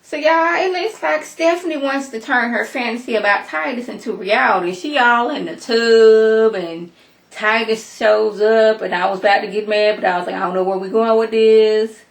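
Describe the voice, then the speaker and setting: A woman casually reviewing a TV episode, animated and emphatic, talking back at the characters. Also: a little high, moderate pace, gravelly, echoey room. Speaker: TV show reviewer.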